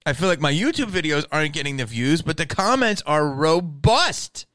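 A male comedian rants straight to camera in a comedic monologue, profane and animated. His voice is smooth and clear, and the recording is dry and close. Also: on the high side, normal speed, no room sound.

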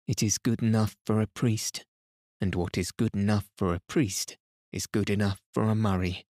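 A man's voice: on the low side, fairly even intonation, moderate pace, darkish tone, no room sound, clean studio sound, lightly acted. A man reading the lines of a proud woman cook in a storybook, giving a stiff, indignant retort. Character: proud, touchy woman cook, quick to take offence.

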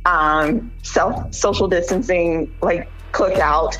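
A woman's voice: on the low side, fairly bright tone, soft background music, low-quality recording. A woman guest on a podcast, a business owner chatting casually and giggling often. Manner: unhurried, giggly. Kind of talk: casual interview chat.

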